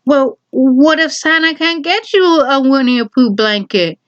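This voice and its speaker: A woman's voice: high-pitched, expressive, measured pace, dull audio, pitched above the performer's own voice. Femme qui joue une maman patiente et enjôleuse, voix aiguë, enregistrement terne. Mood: coaxing. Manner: coaxing, questioning. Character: a mother questioning her small child, patient.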